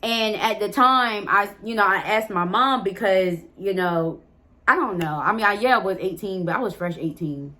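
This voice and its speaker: A woman telling a personal story straight to camera in a loose, conversational way. Her voice sits at an ordinary middle pitch. She is frank and casual, drops the odd curse word and keeps turning to her viewers. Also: normal speed, bright, forceful tone. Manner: candid, swears freely, addresses viewers as y'all. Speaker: storytime vlogger.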